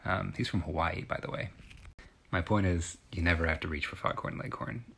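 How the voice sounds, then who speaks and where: A man's voice: low voice, fairly even intonation, brisk, vocal fry, fairly bright tone, breathy edge. A man in his thirties with a Kentucky accent giving a chatty, opinionated monologue with lots of uh fillers. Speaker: vlogger.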